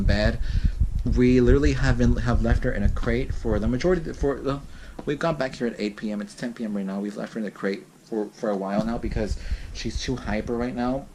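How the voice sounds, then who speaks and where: A man's voice: medium pitch, darkish tone, slight background noise. A young man telling a home vlog story in a chatty, dramatic way with many restarts. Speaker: vlogger. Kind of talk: casual vlog talk.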